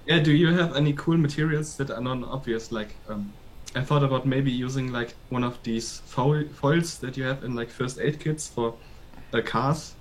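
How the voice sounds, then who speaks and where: A man's voice: mid-range voice, normal speed. Man, panel participant, hesitant, fillers, faint background noise. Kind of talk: casual panel chat.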